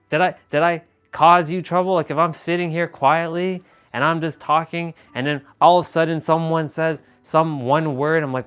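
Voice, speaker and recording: A man's voice: on the high side, fairly even intonation, normal speed, hardly any pauses, a bit bright, smooth, faint music behind. A young man hosting a casual livestream, rambling in an exasperated way with frequent laughs and offhand swearing. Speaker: livestream host.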